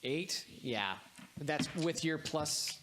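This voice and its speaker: A man's voice: fairly high pitch, expressive, extremely slow. A man running a tabletop game as game master, calling rules and laughing often. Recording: noisy background hiss.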